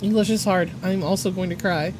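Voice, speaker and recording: A woman's voice: lowish voice, steady tone, a little fast, noisy background. A woman casually chatting on her art livestream, rambling with lots of fillers, swearing and laughing. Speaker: art streamer.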